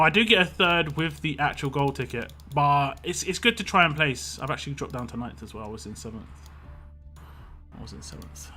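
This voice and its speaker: A British man live-streams a mobile game, talking casually and rambling as he reads viewer comments out loud. His voice sits in the mid range, bright and forceful.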